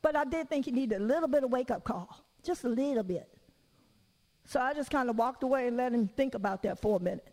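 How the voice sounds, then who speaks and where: A woman preacher giving a conversational sermon, telling stories in an animated way and acting out what people said. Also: high-pitched, quick pace, big-room sound. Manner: animated storytelling with acted-out quotes.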